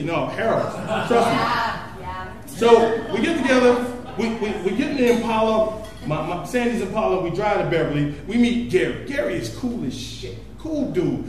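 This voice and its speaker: A man performing stand-up comedy, telling a story in an animated, profane way and laughing often. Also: high-pitched. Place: live venue stage. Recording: echoey room from far off, noisy.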